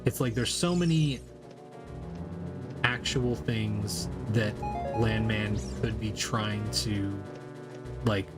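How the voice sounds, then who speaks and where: A man's voice: fairly low pitch, slow pace, long pauses, loud music behind the voice. A man streaming a game, chatting casually in a rambling, profane way and laughing often. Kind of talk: casual chat while gaming.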